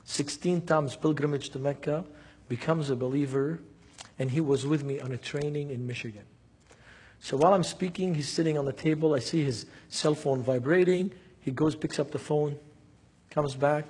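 Husky high-voiced male preacher. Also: fairly even intonation, moderate pace, a little mellow. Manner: earnest, engages the congregation with questions. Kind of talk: sermon with storytelling.

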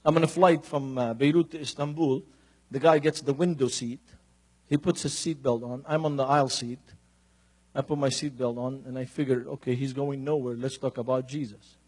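A man preaching a sermon, reading scripture and telling personal stories in an increasingly animated, emphatic way. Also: medium pitch, normal speed, husky. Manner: storytelling, grows more animated and emphatic.

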